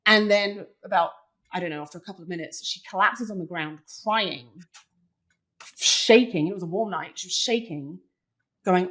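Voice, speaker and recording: In an interview, a young adult woman guest, a poker player, chats through a personal story at normal speed with a medium-pitched voice. She relives it animatedly and casually, leaning heavily on "like" as a filler.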